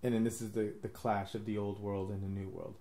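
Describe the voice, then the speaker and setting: A man with a fairly low, soft, mellow voice hosts a casual podcast conversation. He rambles from one idea to the next, laughs often at himself and swears freely. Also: flat delivery, a little fast. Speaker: podcast host. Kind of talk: casual chat.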